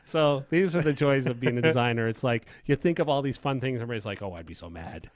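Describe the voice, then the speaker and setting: A man's voice: mid-range voice, fast talker, no room sound. A man, a lead game designer, chatting enthusiastically on a livestream, often restarting his sentences. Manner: rambling, enthusiastic, many restarts and fillers. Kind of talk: casual livestream chat.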